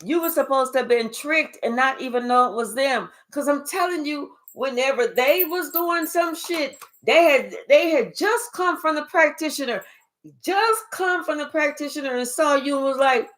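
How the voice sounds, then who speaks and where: A woman giving a casual spiritual reading, talking in an animated, profane way and acting out quoted voices. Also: high-pitched, normal speed. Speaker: spiritual reader. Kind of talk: casual live reading monologue.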